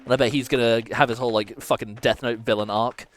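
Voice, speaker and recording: A man's voice: medium pitch, steady tone, quick pace. A man streamer giving casual gameplay commentary, playful and swearing freely as he muses aloud.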